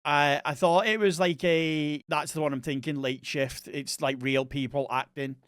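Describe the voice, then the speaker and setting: A man's voice: fairly high pitch, fairly even intonation, normal speed, fairly bright tone, smooth, no room sound, studio quality. A young man with an East Scottish accent, chatting casually with viewers on a live stream, rambling and friendly with chat. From Scotland.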